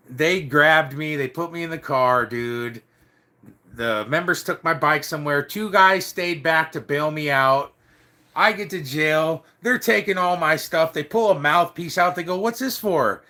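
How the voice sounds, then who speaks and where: A man's voice: on the high side, sharp tone. A middle-aged man casually telling a rambling story, peppered with "dude" and "like". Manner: rambling, swears mildly, says "dude" and "like" often. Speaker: storyteller recounting biker club days.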